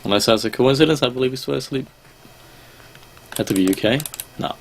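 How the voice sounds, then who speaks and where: A man's voice: mid-range voice, brisk, slight background noise. A young Australian man streaming a game, chatting casually with viewers in a laid-back way and swearing now and then. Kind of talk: casual gameplay chat with viewers.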